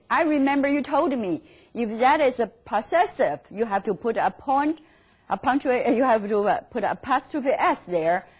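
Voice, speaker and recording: A woman's voice: fairly high pitch, husky. A woman with a Mandarin Chinese accent teaching a beginners' language lesson, stretching out model words for listeners to repeat and correcting herself mid-sentence in encouraging tones. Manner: slow, drawn-out model words for repetition.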